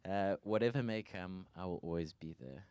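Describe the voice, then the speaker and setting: A man reading his wedding vows as the groom, halting and laughing between lines. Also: deep voice, a little mellow, clear, resonant tone, dry recording.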